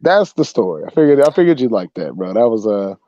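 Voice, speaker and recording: A young man hosting a livestream, casually telling a funny story, animated and saying "bro" a lot. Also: on the low side, fast, dry recording, muffled recording. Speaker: livestream host.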